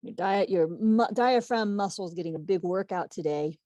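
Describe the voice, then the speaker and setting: A woman teaching a live online yoga class, giving calm, steady cues over a video call. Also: medium pitch, moderate pace, no echo. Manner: calm cueing with self-correcting laughs.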